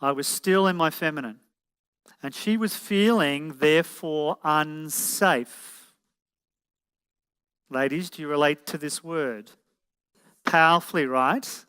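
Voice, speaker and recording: A man's voice: a little high, takes it slowly, long pauses, bright, forceful tone, smooth. A man presenting a relationship seminar to a live audience, putting direct questions to the room and calling for shows of hands. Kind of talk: motivational seminar talk. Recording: echoey hall.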